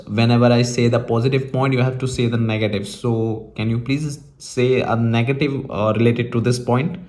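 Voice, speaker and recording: A man hosting an English practice discussion, talking in a halting way with frequent pauses. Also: mid-range voice, fairly even intonation, darkish tone, reverberant. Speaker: host.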